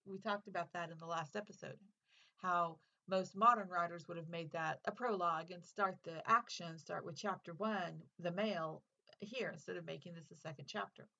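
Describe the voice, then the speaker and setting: A woman's voice: fairly low pitch, steady tone, normal speed, sharp tone, dull audio. A woman English teacher hosting a literature podcast, giving a casual spoken lesson in an earnest, chatty way with fillers.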